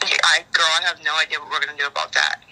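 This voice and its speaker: A woman's voice: sits low, level tone, racing, sharp tone. A woman on a phone call, talking frankly and rambling with worry, swearing often. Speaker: caller in a leaked phone call. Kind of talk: casual phone chat.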